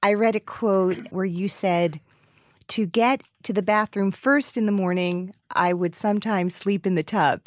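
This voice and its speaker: Woman podcast host, cheerful and teasing, mid pitch, dry studio sound. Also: fairly even intonation, unhurried, no echo. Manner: upbeat, teasing, laughs often. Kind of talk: interview host, reading intro then chatting.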